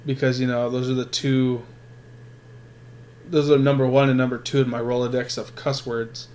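A man's voice: medium pitch, flat delivery, normal speed, a little mellow. A man telling crude stories in casual chat, swearing constantly and rambling with many restarts. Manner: profane, rambling, restarts a lot.

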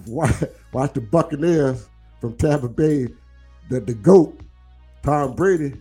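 Middle-aged guy on a live stream, loud teasing trash talk, laughs a lot, faint music behind. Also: medium pitch. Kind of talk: casual live-stream banter.

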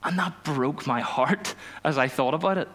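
Lively youth pastor. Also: male voice, fairly high pitch, moderate pace. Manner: animated storytelling, laughs at himself, acts out dialogue. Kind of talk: sermon with personal story.

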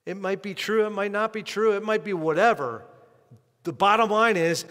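A man's voice: high voice, moderate pace. Man preaching in a reverberant hall. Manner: impassioned preaching with sharp swings in loudness and pace. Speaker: pastor. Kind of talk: sermon.

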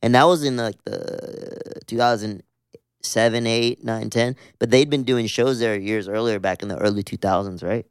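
Guy in his 30s from socal, rambling story full of swears and likes, smooth clear voice, dry close sound. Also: on the low side, normal speed, no echo. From Southern California. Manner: rambling, swears a lot, heavy fillers. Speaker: musician guest. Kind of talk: casual storytelling chat.

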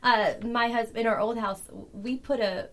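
A woman guest on a podcast, telling stories in a casual, animated way, laughing often and acting out what people said. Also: on the high side, moderate pace. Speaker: podcast guest, vintage furniture dealer. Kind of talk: casual storytelling chat.

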